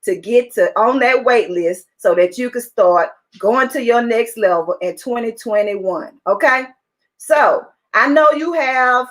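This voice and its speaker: An upbeat woman with a fairly high voice, pitching motivation to listeners on a call. She talks with excitement and keeps pressing the same point. Her voice comes through call audio. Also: unhurried. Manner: excited, upbeat, repetitive urging. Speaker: motivational speaker.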